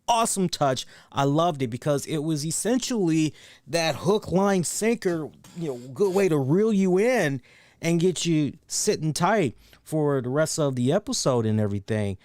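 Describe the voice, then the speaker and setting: A man's voice: a little high, lively intonation, normal speed, darkish tone, no echo. A man hosting a casual solo wrestling review, rambling enthusiastically, repeating words and acting out quotes.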